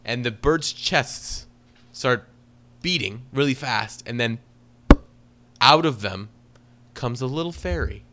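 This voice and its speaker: A man's voice: mid-range voice, animated, takes it slowly, pauses often, background noise. A man co-hosting a podcast, giving a sarcastic, exaggerated movie review in casual chat. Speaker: podcast co-host.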